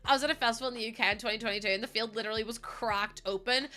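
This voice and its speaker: A woman's voice: a little high, racing, pushed and bright, faint music behind. A young woman chatting casually to her live chat as a streamer, laughing often and filling with "like". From United Kingdom.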